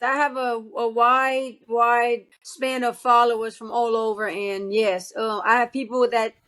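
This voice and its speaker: A woman's voice: fairly high pitch, a little slow. Cajun woman with a thick accent. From South Louisiana. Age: 40s. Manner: lively storyteller with a thick drawl. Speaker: guest. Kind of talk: casual chat.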